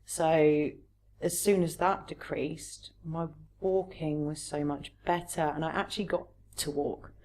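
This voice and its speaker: A woman's voice: sits low, steady tone, measured pace, a little mellow. A woman talking openly and earnestly as a guest in a casual podcast chat. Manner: earnest, open, personal.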